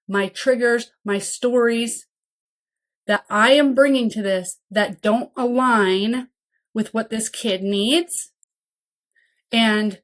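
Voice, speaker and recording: Female podcast host, casual coaching monologue, earnest, acts out caregivers' inner thoughts, frequent "okay?" check-ins. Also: medium pitch. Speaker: podcast host and mentoring program founder.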